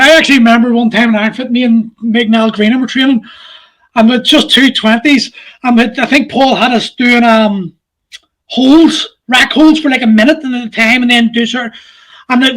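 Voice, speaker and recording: A man's voice: very high voice, fairly bright tone. A man in his forties, the podcast host, chatting casually and candidly, swearing freely and laughing often. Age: 40s. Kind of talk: casual chat.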